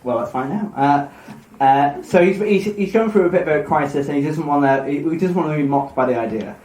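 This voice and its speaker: A man's voice: fairly high pitch, a little fast, darkish tone. A man hosting a live podcast, retelling a myth with stumbles, giggles and restarts. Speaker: podcast host and narrator. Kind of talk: live comedic mythology retelling. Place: live event venue. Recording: echoey live room with crowd ambience.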